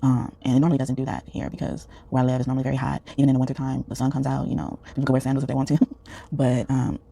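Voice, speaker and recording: Fast-talking gravelly man reading tarot. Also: medium pitch, monotone, warm tone. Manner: rambling, many fillers and restarts, frequent laughs. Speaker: tarot reader. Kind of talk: casual spoken tarot reading.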